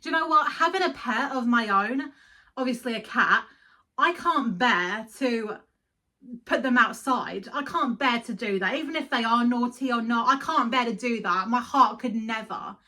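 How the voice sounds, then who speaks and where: Chatty, giggly woman host, high bright voice, emotional cartoon commentary. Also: moderate pace. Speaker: video host. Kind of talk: casual cartoon review commentary.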